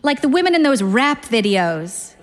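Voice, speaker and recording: A woman reading aloud and voicing a flirty, attention-seeking single mother in a breathy, theatrical manner. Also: sits high, big pitch swings, normal speed, pitched above the performer's own voice. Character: flirty, showy middle-aged single mother.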